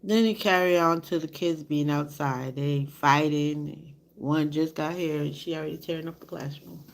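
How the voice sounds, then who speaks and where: A woman's voice: low-pitched, steady tone, normal speed, vocal fry. A woman vlogger telling a story in a candid, rambling way, often dropping to a whisper. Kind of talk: casual storytelling to camera.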